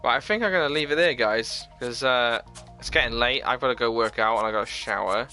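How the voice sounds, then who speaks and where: A man talks casually through a live gaming stream. His voice is bright and forward, and he reads viewers' comments aloud and chats back to them in an easy way. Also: medium pitch, fairly quick, faint music behind.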